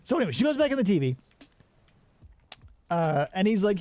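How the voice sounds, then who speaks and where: A podcast co-host, this man brings lively storytelling to a casual movie recap while he works, acting out what the characters say. His high-pitched voice is brisk but broken by long pauses, with no room sound at all.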